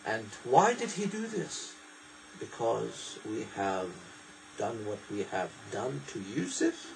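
A man preaching a sermon, explaining scripture in a digressive, lively way and reciting in quick bursts. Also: mid-range voice, gravelly, background noise.

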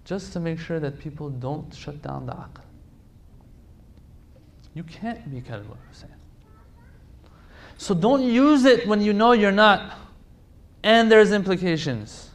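A man's voice: sits high, lively intonation, slow, long pauses, a little hiss or hum. Emphatic man giving a religious lecture. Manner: emphatic, repeats phrases for stress; speaks directly to listeners with pleading asides.

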